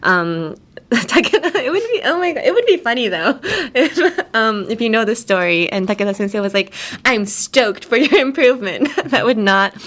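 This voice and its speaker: An English teacher host runs a podcast lesson in a radio studio, her voice on the high side, a bit bright, with lively intonation at normal speed. She chats casually, laughs frequently, and performs playful pronunciation demonstrations.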